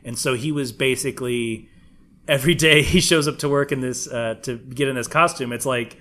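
A man's voice: mid-range voice, fairly even intonation, moderate pace, pushed and bright. A man co-hosting a podcast, joking, laughing often and swearing freely in casual chat. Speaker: podcast co-host.

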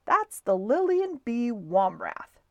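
A woman's voice: a little high, very animated, slow, a little mellow, no room sound, muffled recording, heavily acted. A woman voicing a blustery, emphatic grown man who owns a toy schooner, in a storybook reading.

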